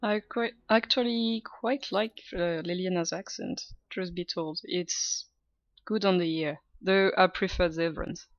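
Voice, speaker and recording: A woman streams a game and chats in a slow, hesitant, self-mocking way, with plenty of laughs. Her voice is slightly low and recorded dry and close. The sound is dull and lo-fi, with faint game music underneath. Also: steady tone, no echo. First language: French. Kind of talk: casual gameplay chat.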